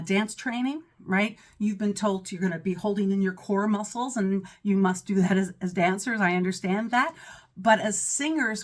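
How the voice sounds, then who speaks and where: A woman voice teacher with a mezzo-soprano voice talks students through breathing exercises. She is encouraging and checks in often with "right?" and "okay?". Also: mid-range voice. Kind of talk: instructional breathing lesson.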